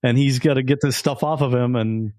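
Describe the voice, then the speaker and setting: A man's voice: medium pitch, fairly even intonation, brisk, darkish tone, no echo, studio quality. A man hosting a podcast, asking curious follow-up questions. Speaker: podcast host. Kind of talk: interview questions.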